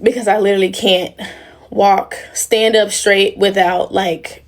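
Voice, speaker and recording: A woman's voice: mid-range voice, flat delivery, a little slow. A young woman on a casual livestream, talking emotionally and in a rambling way straight to her viewers. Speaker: livestream host.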